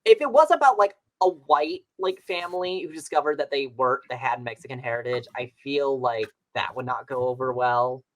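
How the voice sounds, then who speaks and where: A man from Long Island co-hosting a podcast, reacting excitably and emphatically in casual chat. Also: mid-range voice, normal speed, hardly any pauses. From Long Island, New York. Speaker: podcast co-host.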